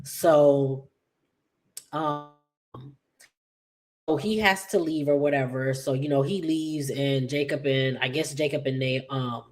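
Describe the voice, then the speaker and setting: A woman giving a casual, rambling recap of an episode, with many fillers and quick paraphrased quotes. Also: extremely low pitch, a little mellow. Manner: chatty, rambling, full of "like" and "just like". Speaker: soap opera recap vlogger.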